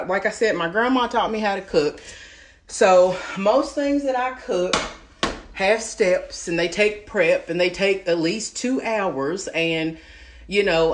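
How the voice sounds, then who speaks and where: A woman hosting a home cooking livestream from her kitchen, chatting in a folksy way and calling her listeners honey. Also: medium pitch. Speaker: home cooking show host. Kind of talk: casual livestream chat.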